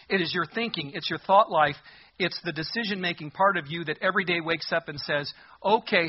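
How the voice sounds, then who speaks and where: A man delivers a sermon in an earnest, emphatic manner, repeating words when he presses a point. His voice sits a little higher than most men's and has a husky edge. The recording sounds dull and lo-fi. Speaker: preacher.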